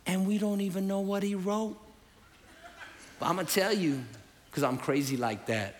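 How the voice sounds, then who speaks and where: A man preaching a sermon to a congregation, animated, swinging between loud emphasis and hushed asides. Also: sits high, normal speed, a little hiss or hum. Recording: hall reverb.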